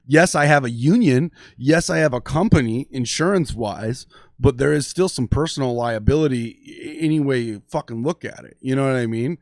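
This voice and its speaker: A man's voice: mid-range voice, fairly quick, dry recording, clean studio sound. A man from Minneapolis telling long, profane stories in casual chat as a podcast guest, full of "you know" and "like". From Minneapolis, USA.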